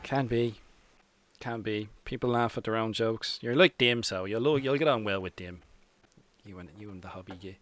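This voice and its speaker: A man's voice: fairly low pitch, normal speed, fairly bright tone, dry recording. An Irish man hosting a casual hobby livestream, bantering, swearing and reading out chat comments. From Ireland. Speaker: host.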